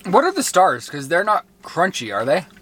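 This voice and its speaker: A playful young man co-hosting a podcast in casual chat, with a quick, campy delivery. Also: sits high, wildly swooping pitch, a bit bright, a little hiss or hum. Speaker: podcast co-host.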